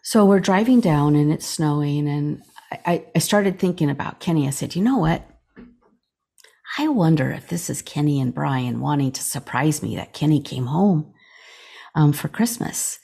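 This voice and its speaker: A middle-aged woman, a chaplain guesting on a podcast, telling a personal story in a halting way with many pauses and restarts while acting out the dialogue. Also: sits low, lively intonation, creaky, warm tone, breathy edge. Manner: halting retelling, many fillers and restarts, acts out quoted dialogue.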